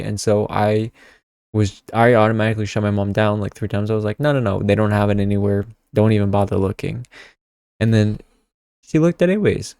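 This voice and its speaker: Casual young guy ranting to camera, kinda low and mellow, curses a lot, says "okay?" constantly. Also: clear, resonant tone, no room sound, clean studio sound. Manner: chatty, swears a lot, keeps adding "okay?". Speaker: tarot vlogger.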